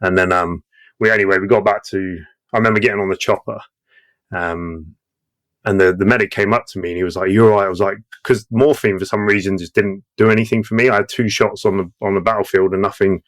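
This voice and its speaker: A man's voice: low-pitched, steady tone, fast talker. A man in his thirties telling war stories casually, swearing and acting out voices, laughing often. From Britain. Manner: profane, acts out quoted voices, laughs often. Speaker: guest veteran.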